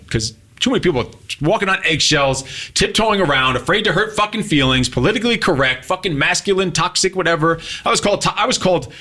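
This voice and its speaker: Fast, forceful, profane man on a podcast. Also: medium pitch, animated. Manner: profane, heated, emphatic. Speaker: podcast co-host. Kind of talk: blunt podcast talk.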